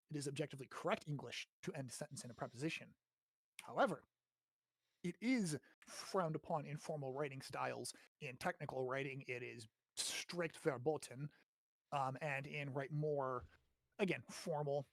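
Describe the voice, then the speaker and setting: A man's voice: on the high side, dry recording, clean studio sound. An American man hosting a casual grammar lesson, explaining in a chatty way, often checking with "right?" and swearing now and then. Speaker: host teaching grammar.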